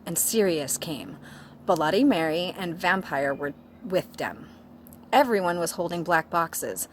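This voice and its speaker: A woman giving a comedic dramatic reading, deadpan, reading out the punctuation. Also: low voice, measured pace, a little hiss or hum. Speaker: guest reader.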